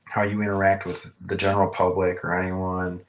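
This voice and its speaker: A man's voice: deep voice, monotone, brisk. A man who works as a carpenter, a guest on a casual podcast, talking reflectively with fillers and profane jokes.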